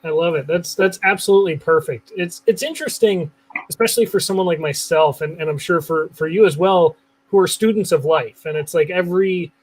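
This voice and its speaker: A male host talks with a guest in an enthusiastic, casual way. His voice is husky and sits fairly high. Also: brisk, rough recording. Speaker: show host. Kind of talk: conversational interview.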